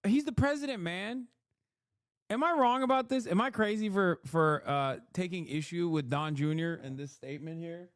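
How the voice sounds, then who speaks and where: A high-voiced man ranting on a live stream, profane and mocking. His voice sits close and dry on the mic, with no room around it. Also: animated, moderate pace, dry recording.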